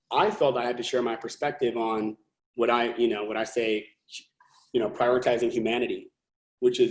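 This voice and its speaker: A California man who founded and runs a company is a guest on a podcast, speaking in a mid-range, slightly mellow voice at a normal speed with a level tone. He talks earnestly and emphatically, thinking aloud and restarting his sentences. The recording has a roomy echo.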